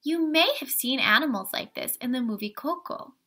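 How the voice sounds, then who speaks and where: A woman's voice: high voice, animated, moderate pace, bright, forceful tone. A woman art teacher giving an upbeat online lesson to children, asking them questions and walking them through drawing step by step. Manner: upbeat, talks directly to kids with questions.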